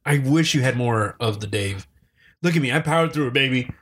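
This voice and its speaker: A man's voice: mid-range voice, brisk, slight background noise. A man in casual chat, telling stories with lots of swearing and laughter, his mouth burning from hot sauce. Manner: profane, laughing animated storyteller. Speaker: friend in hot sauce challenge.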